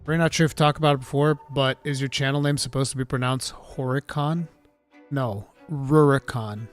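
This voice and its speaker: A man hosting a live gaming talk stream, reading chat questions and chatting casually in an animated, rambling way. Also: medium pitch, fairly quick, soft background music. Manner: animated, excitable, rambling with restarts.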